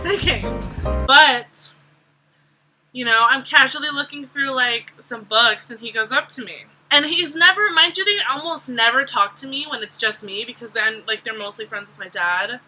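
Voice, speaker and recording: A young woman tells a story to her camera in casual, sarcastic chat, dropping "like" everywhere. Her voice sits high and rings very bright. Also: rough recording. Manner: chatty, sarcastic, lots of "like". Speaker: vlogger.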